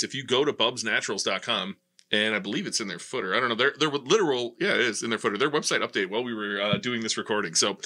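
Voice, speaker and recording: A man hosting a podcast who talks casually and with energy, running through quick plugs and questions. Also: medium pitch, bright, forceful tone. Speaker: podcast host.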